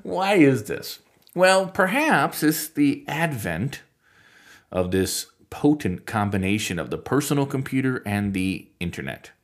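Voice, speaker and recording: A man's voice: medium pitch, very animated, measured pace. A man hosting a podcast, talking through a scripted monologue with wry asides and frequent self-interruptions. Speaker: podcast host teaching on Bible languages.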